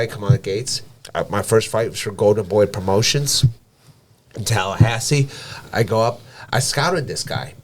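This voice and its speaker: A man's voice: medium pitch, slight background noise. A man, a professional boxer, telling stories on a podcast. He talks bluntly and swears freely, and acts out the dialogue in his anecdotes. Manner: animated storytelling with blunt swearing. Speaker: podcast guest, professional boxer and gym owner. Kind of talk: casual podcast conversation.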